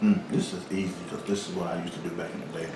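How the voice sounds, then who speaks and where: A man's voice: deep voice, level tone, rapid-fire. A man co-hosting a casual eating vlog, joking around and boasting through his stories. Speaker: vlog co-host. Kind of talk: casual mukbang chat. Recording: very echoey room, faint background noise.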